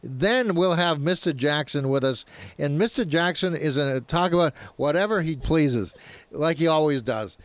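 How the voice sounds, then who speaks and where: A man's voice: fairly high pitch, expressive, normal speed, no echo. A man hosting a radio outdoors talk show, joking and laughing as he introduces his guests. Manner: playful, jokey, laughs at own jokes.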